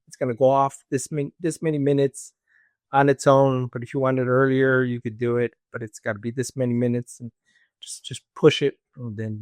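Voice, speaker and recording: A man's voice: mid-range voice, dry recording, clean studio sound. A man telling a personal story in casual conversation, acting out the voices of others with fillers like "this and that". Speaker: guest.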